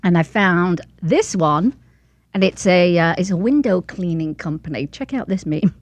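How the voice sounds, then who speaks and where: A woman co-hosting a casual chat show, talking in a giggly, lively way. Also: on the low side, normal speed, dry recording. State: eating while talking. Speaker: co-host of an expat show.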